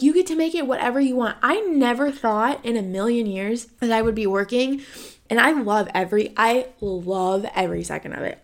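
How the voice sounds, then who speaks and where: A woman in her twenties hosting a podcast, talking frankly about her own life, with many "like" fillers and free swearing. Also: fairly high pitch. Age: 20s. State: has the hiccups. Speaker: podcast host. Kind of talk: candid personal monologue.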